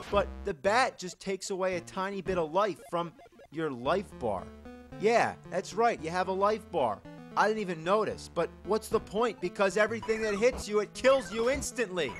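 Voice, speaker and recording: A man playing a short-tempered, foul-mouthed male retro gamer, reviewing a game in an exasperated, profane rant. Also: sits high.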